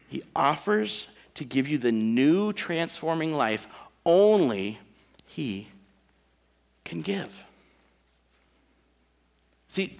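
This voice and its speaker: A male pastor preaching a sermon, emphatic, with dramatic pauses and big swings between loud and soft. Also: fairly high pitch.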